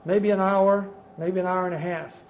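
A man's voice: sits high, steady tone, normal speed, dull audio, slight background noise. A middle-aged man, telling his recovery story to a meeting in a folksy, self-mocking way. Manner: folksy, self-mocking, addresses listeners as guys.

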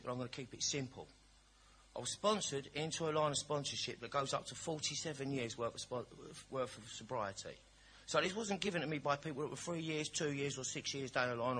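Male, candid recovery-meeting speaker, bright tense voice, storyteller with humour. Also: mid-range voice, slight background noise. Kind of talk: personal testimony at a recovery meeting.

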